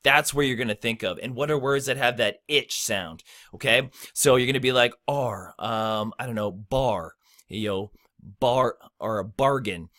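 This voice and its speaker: Bright-toned male tutor, loose conversational delivery, breaks rhymes into syllables. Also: mid-range voice, moderate pace. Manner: breaks words into syllables, chants rhythms; loose and conversational, many fillers. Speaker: rap tutorial host. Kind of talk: casual instructional talk.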